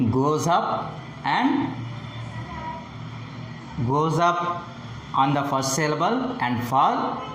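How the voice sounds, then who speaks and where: A man teaching a lesson on intonation, speaking in short halting phrases and demonstrating rising and falling pitch. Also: fairly bright tone, echoey room, a little hiss or hum, rough recording. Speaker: English teacher. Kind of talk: slow deliberate phonetics lesson.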